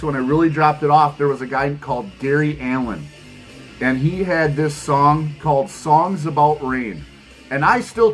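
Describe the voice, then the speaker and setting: A man's voice: fairly high pitch, a bit bright, poor audio. A middle-aged man, rambling emphatically as he hosts a vinyl channel, laughing often. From Wisconsin, USA. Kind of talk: casual vlog chat to camera.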